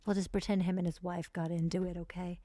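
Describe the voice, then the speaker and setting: A woman streaming live gameplay, chatting casually and cursing freely while voicing her characters in quick high asides. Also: little pitch movement, warm tone, dry recording. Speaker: streamer playing a life-simulation game.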